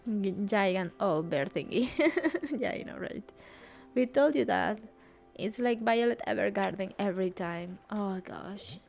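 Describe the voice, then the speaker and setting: A woman's voice: medium pitch, animated, a little slow, vocal fry, darkish tone, faint music behind. A woman streaming a video game, emotional, with whispered gasps and exclamations. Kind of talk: game commentary.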